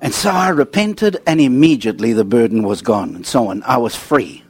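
A man preaching a sermon, telling humorous stories and swinging between excited highs and quiet, serious lows. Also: normal speed, husky. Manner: animated storytelling with jokes, swinging from high to low.

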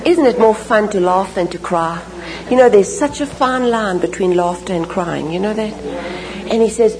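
A woman preaching a sermon, telling stories and praying in an animated, emphatic way with repeated phrases. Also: medium pitch, moderate pace, background noise. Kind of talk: sermon with storytelling and prayer.

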